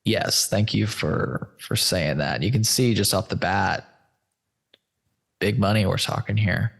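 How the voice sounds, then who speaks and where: Loose-talking podcast host with a gravelly voice. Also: male voice, on the low side, measured pace. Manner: loose, rambling, profane, talks to listeners as folks. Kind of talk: casual chat while screen sharing.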